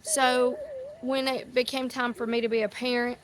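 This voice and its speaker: A woman's voice: a little high, flat delivery, moderate pace. Woman, middle-aged, casual rambling talk, phone mic outdoors, faint background noise. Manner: rambling, sidetracked, folksy. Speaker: host. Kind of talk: casual chat to a live audience. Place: outdoors near ducks. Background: ducks quacking.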